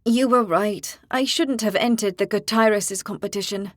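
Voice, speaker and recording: A woman narrator voicing a determined young woman warrior in an audiobook, speaking with forceful confidence. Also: mid-range voice, moderate pace, dry recording, clean studio sound, lightly acted. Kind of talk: audiobook character voice.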